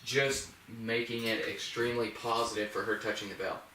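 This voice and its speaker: The dog trainer's tone is level and his speed normal, his voice pushed and bright. At home he gives a plain, practical, step-by-step demonstration, using a high praise voice with the puppy; the recording is from a distance, off-mic, with roomy echo and slight background noise.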